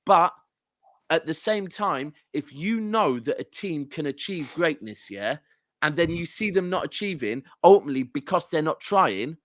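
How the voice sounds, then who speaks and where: A man's voice: a little high, animated, normal speed, fairly bright tone, no echo. A man with a southern English accent, a guest football fan ranting animatedly and swearing in casual podcast chat. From southern England.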